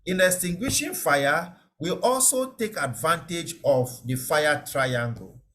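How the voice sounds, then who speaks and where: Man teaching safety, lively pitch. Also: unhurried. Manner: explanatory, repeats key words, checks understanding. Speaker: safety trainer. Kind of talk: online lecture.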